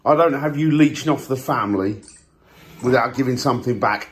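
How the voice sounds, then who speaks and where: A man's voice: mid-range voice, brisk. A man, joking and teasing his family in a casual home vlog. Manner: teasing, playful banter. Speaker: family vlogger.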